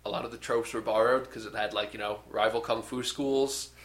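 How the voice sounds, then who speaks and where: Here a young co-host speaks fairly quickly in a fairly low, steady, slightly bright voice, recounting a movie in casual podcast chat. He wanders with lots of fillers and acts out scenes in an echoey room.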